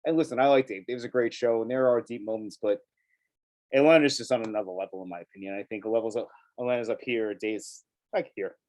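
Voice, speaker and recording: A man's voice: fairly low pitch, steady tone, brisk, a little mellow. A man co-hosting a casual TV review chat, talking in an emphatic, chatty way and laughing often. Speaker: co-host of a TV review show.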